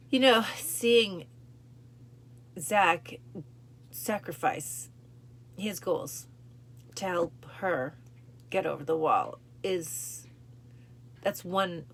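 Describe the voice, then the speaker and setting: A woman with a low, gravelly voice hosts a cancer support talk, speaking casually and from the heart. She repeats phrases and sometimes acts out film dialogue in a higher voice. Faint noise hums under the recording. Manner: emotional, repeats phrases, acts out film lines with rising pitch. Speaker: host of a cancer support show.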